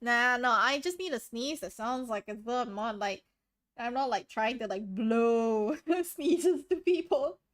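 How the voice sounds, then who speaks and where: A livestream host talks loosely with her audience, her expressive voice pitched on the high side and paced evenly. She giggles, rambles and pokes fun at herself, sounding slightly sniffly after some sneezes, all through a desk microphone with noise suppression.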